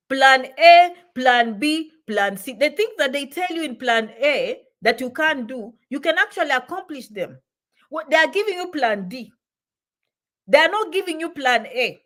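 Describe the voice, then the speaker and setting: Emphatic woman, higher voice. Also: fairly bright tone. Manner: emphatic, repeats phrases for stress, mixes in Swahili words. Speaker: immigration advice vlogger. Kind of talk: motivational advice talk.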